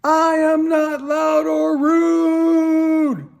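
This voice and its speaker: A man's voice: sits high, very animated, breathy edge, voice pushed up, heavily acted. A man doing a stubborn, boastful storybook fish. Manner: slow, emphatic and boastful. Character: proud stubborn male fish, then sorry.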